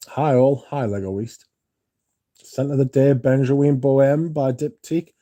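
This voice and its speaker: A man's voice: medium pitch, steady tone, unhurried, mellow. A man hosting a casual livestream, rambling through stories and reading out viewer comments to answer them, swearing now and then. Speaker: livestream host.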